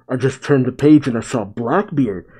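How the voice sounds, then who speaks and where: Guy reading a comic chapter out loud, warm low-ish voice, blurts out reactions. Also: normal speed, husky. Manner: excited, blurts out reactions between narration. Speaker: manga reaction creator.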